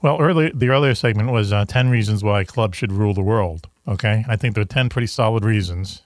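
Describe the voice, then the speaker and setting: A man's voice: fairly low pitch, a little fast, a little hiss or hum. A man with a Boston accent hosting a casual video-call chat show, rambling and self-deprecating with lots of fillers. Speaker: host.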